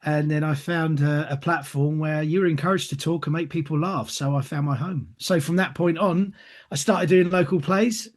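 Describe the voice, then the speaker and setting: A man's voice: a little high, steady tone, normal speed. A middle-aged man, chatting in an interview and telling stories, acting out other people's voices as he goes. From England. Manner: chatty storyteller, acts out voices in anecdotes. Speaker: actor being interviewed. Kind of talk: casual interview answers.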